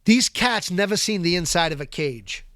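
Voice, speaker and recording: A man who is a podcast guest, telling prison stories in an animated, profane, streetwise way in a casual interview. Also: high-pitched, moderate pace, dry recording, clean studio sound. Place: podcast studio.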